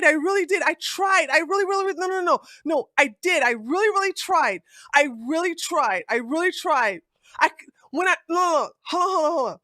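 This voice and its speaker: A woman streams her commentary in a high, bright voice, blunt and sassy, with plenty of swearing. The sound is dry and close, with almost no room around it. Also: animated, fairly quick, dry recording. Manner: blunt, heavy cursing, rising to loud outbursts; sassy, calls listeners baby and honey.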